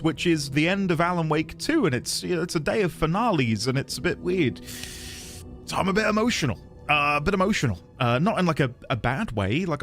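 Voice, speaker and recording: Male streamer, animated mid-pitch voice, rambling friendly chat, faint music underneath. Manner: chatty, rambling, greets viewers by name. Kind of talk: casual chat with viewers.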